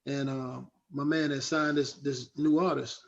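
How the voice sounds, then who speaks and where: A middle-aged man, a guest rapper, telling animated, slangy stories in a casual interview and acting out other people's voices. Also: medium pitch, measured pace, creaky. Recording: dull lo-fi sound.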